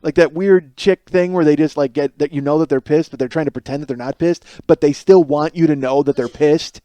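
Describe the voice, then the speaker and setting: A man in his thirties talks through a solo comedy monologue, rambling and profane, laughing as he goes. His voice sits a little high for a man. The sound is dry and close, with no room around it. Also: steady tone, a little fast, warm tone, no echo. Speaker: podcast host.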